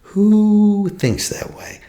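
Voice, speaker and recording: A man in his forties, an attachment healing practitioner, giving a reflective teaching talk, asking questions and often dropping to a soft whisper. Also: sits high, expressive, extremely slow. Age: 40s.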